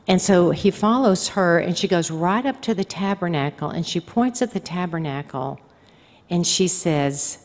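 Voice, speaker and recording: A woman's voice: on the low side, animated, moderate pace, darkish tone. A woman, a religious sister, giving a conversational storytelling talk to a convention audience. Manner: conversational storyteller, acts out quoted speech. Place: large hall. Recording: reverberant hall.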